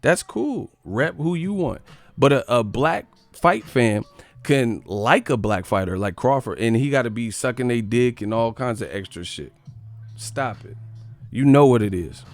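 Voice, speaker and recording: Boxing-stream host, male, gravelly, mid-pitched, foul-mouthed and animated, close dry sound. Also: a little slow, no echo. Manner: profane, animated, mocks others in put-on voices. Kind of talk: live stream rant.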